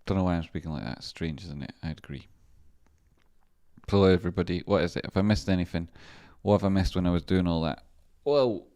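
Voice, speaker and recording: A Scottish man with a deep, low voice chatters casually on a live stream, often mumbling and muttering to himself as he works. The sound is dry and close, with little room. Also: brisk, dark tone, no room sound. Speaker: livestreamer and stock chart analyst.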